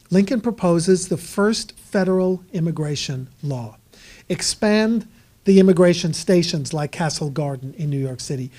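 A man's voice: fairly high pitch, mellow. A man giving a conversational history talk, with wry asides and frequent fillers. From United States. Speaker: author and historian speaker. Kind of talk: lecture storytelling.

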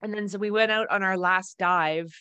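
A woman telling a personal travel story in a casual, animated way, laughing often and acting out the dialogue. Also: medium pitch, normal speed, smooth, no room sound.

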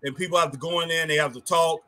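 A man's voice: a little high, steady tone, racing, sharp tone. A man co-hosting a casual wrestling live stream who reads viewer comments aloud and keeps tagging his sentences with "boy" and "man".

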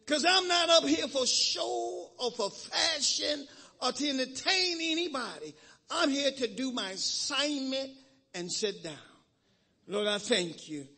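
High, bright-voiced preacher man. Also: expressive, unhurried, breathy edge. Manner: emphatic, swings from loud shouts to hushed prayer. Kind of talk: call-and-response sermon and prayer. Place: church sanctuary.

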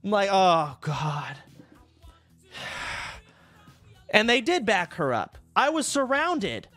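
A man's voice: sits high, wildly swooping pitch, drawn-out words, pushed and bright, soft background music. A young man streaming from home, telling old stories in a casual, profane, sarcastic way into a desk mic. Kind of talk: casual storytelling to a live stream audience.

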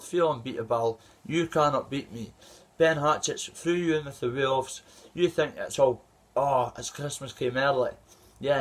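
A Scottish man in his thirties, an amateur fighter, delivering an aggressive, rambling trash-talk callout to a rival. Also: medium pitch. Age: 30s. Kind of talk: trash-talking callout video.

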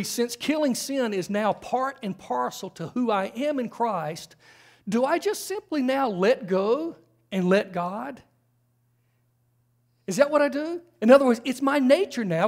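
A man's voice: very high-pitched, a little mellow. A man preaching a sermon in a church, conversational, with frequent rhetorical questions. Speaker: pastor. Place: church sanctuary.

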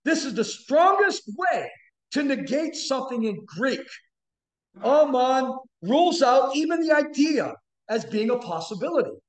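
His very high voice hammers key phrases in loud, emphatic bursts as this guest preacher gives his sermon, the sound echoing through the church sanctuary.

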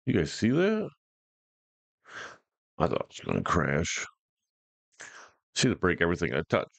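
A man casually commenting while trying out software, laid-back and joking with slangy talk. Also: low-pitched, huge pitch swings, a little slow, creaky, no echo.

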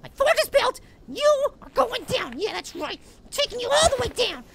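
A man voicing a tiny, excitable male cartoon apple who gives gameplay commentary and gets riled up at his opponent. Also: normal speed, gravelly, exaggerated voice. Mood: excited. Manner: squeaky, easily riled, shouting at opponent. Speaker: let's play gamer.

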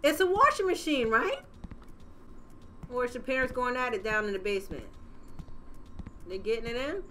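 A young woman playing a horror game and reacting out loud, profane and jokey as she goes. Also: a little high, normal speed, a little hiss or hum. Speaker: gaming channel host.

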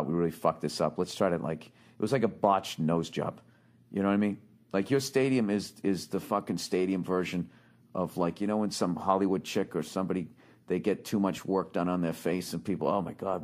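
A man's voice: sits low, a little mellow. A man in his forties from the United States, hosting a podcast and giving advice in a profane, rambling, jokey monologue. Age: 40s. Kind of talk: casual monologue.

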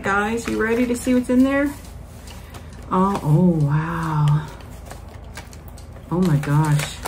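A woman vlogger opening fan mail, gushing and excited as she talks straight to her viewers. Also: lowish voice, a little hiss or hum. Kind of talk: casual mail-opening vlog.

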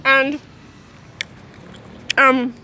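A woman's voice: sits high, flat delivery, very slow, sharp tone. A woman chatting casually to her camera outdoors, rambling and talking while she eats. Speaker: vlogger. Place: outdoors in hot weather. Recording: faint background noise.

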